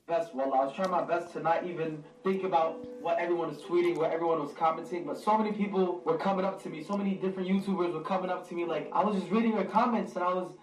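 A man's voice: a little high, steady tone, fast, few pauses. A YouTuber speaking in a casual vlog, defensive and exasperated as he tells his story. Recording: roomy sound from a distance.

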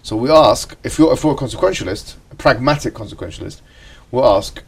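A man's voice: medium pitch, expressive, fairly quick, vocal fry, slightly rough, far from the mic. A man teaching an ethics class, asking the students questions and often checking with "right?".

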